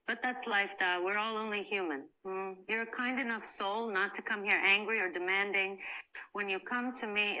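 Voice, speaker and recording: Casting: woman as a cold, proud woman turned gentle, with a bright, soft, slow, soothing comfort role-play read. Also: mid-range voice, close to an everyday voice, poor audio. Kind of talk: first-person comfort role-play narration.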